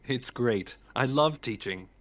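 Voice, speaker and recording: Brief: man voicing a friendly teacher applying for a job, clear textbook-audio read. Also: mid-range voice, lively intonation, takes it slowly. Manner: clear, evenly paced, textbook delivery. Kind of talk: scripted textbook dialogue.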